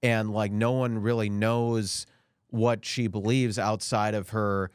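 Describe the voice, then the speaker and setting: A man co-hosting a podcast, delivering sarcastic political banter in a mock-outraged tone that swings into high mocking voices. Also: little pitch movement, takes it slowly, clean tone, no echo, studio quality. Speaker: podcast co-host.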